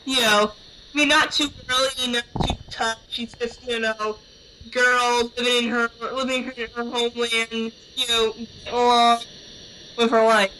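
Hesitant woman, bright voice, chatting. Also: fairly high pitch, little pitch movement, measured pace, a little hiss or hum, rough recording. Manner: hesitant, many fillers. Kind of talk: casual chat.

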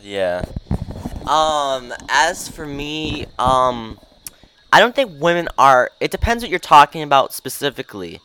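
A man with a fairly high, bright voice hosts a loose casual chat. He rambles, hedges and circles back, filling gaps with "like" and "um." Now and then he laughs at his own words. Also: sing-song, measured pace, a little hiss or hum, poor audio. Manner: rambling, hedging, laughs at himself. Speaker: host.

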